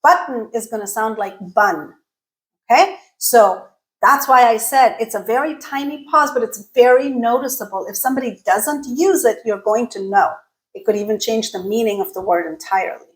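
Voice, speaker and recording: A woman with a fairly high voice gives an English pronunciation lesson. She talks clearly and deliberately and slows down when she models the example words. The recording has a noticeable roomy echo.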